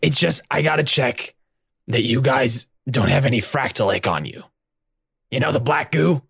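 Gravelly, husky-voiced man. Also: mid-range voice, animated, moderate pace, a bit bright, dry recording, studio quality. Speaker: player. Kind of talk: casual tabletop role-play.

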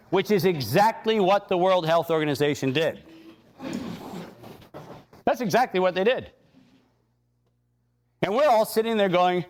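A man's voice: high-pitched, lively intonation, normal speed, pauses often. A man giving an impassioned lecture with slides, sarcastic and emphatic, building to outraged points. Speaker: speaker giving a talk.

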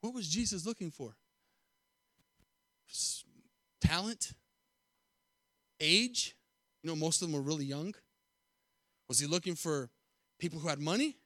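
High-voiced man preaching emphatically. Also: a little slow, long pauses, no room sound, studio quality. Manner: emphatic preaching with repetition and call-outs; swings from hushed to loud. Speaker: pastor. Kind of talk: sermon.

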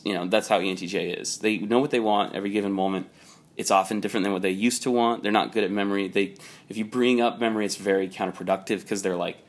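A man with a lowish voice and fairly even intonation talks fast, casually recounting a long personal story about a work conflict with his boss. He rambles, uses lots of "like" fillers, and raises his voice when quoting people.

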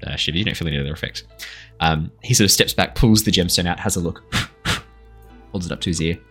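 A man's voice: low-pitched, fairly quick, a bit bright, husky, soft background music. A man narrating as game master in a tabletop game, casual, with many fillers and some laughs. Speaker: dungeon master.

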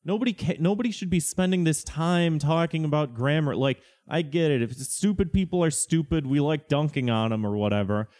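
A man's voice: on the high side, fairly quick, hardly any pauses, darkish tone. Rambling sarcastic man chatting. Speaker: podcast co-host. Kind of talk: casual comedic chat.

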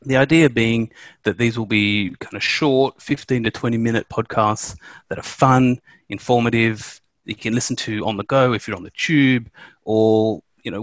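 A man's voice: medium pitch, no room sound. A man from Australia, co-hosting a podcast in a chatty, jokey, self-deprecating way. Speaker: podcast co-host, corporate lawyer. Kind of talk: casual podcast chat.

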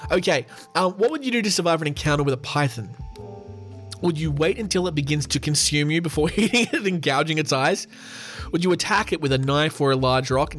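Joking man hosting a podcast. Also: on the high side. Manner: joking, reads questions aloud and answers himself. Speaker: podcast host. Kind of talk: casual chat reading a quiz.

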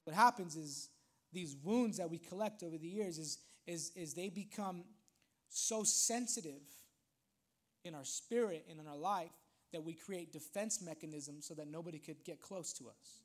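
A man's voice: on the high side, moderate pace. A male pastor preaching a sermon in a conversational way, with frequent asides to the congregation.

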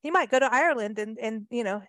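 A woman hosting a radio show, talking in a chatty, animated way with lots of fillers. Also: fairly high pitch, fast, no echo. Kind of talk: casual radio interview chat.

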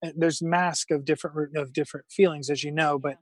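A middle-aged man telling a personal story as a guest in an interview, earnest and halting, with many restarts. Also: fairly high pitch, fairly even intonation, no room sound.

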